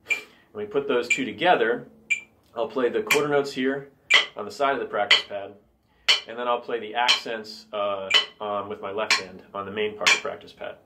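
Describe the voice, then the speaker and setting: A man teaching drums, explaining patiently step by step and counting beats out loud. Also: lowish voice, moderate pace, heavy background noise. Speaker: drum teacher. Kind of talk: instructional explanation.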